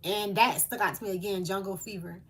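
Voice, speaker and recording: A woman's voice: medium pitch, fairly even intonation, fairly quick, breathy edge. A woman speaking, delivering a channeled spiritual message in an earnest, emotional way with hesitant fillers.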